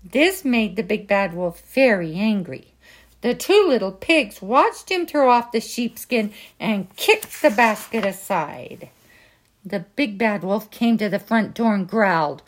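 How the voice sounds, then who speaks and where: Woman storyteller reading a children's book, high lively voice, unhurried. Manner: slow, sing-song storybook reading.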